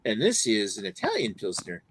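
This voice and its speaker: A man's voice: mid-range voice, wildly swooping pitch, a little fast, creaky, fairly bright tone, slightly rough, no room sound. A man hosting a casual beer review livestream, rambling with lots of fillers and restarts. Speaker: host.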